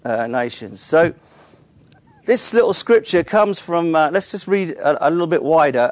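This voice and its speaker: An earnest male pastor delivers a sermon in a church, his voice sitting a little higher than most men's. He works through scripture aloud, often restarting phrases mid-thought. The recording is close and dry, with little room sound. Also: lively intonation, moderate pace, no room sound.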